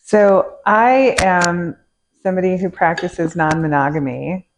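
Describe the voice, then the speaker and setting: A woman's voice: on the low side, a little slow, noisy background. A woman interviewing a close friend in casual conversation, encouraging him with short affirmations.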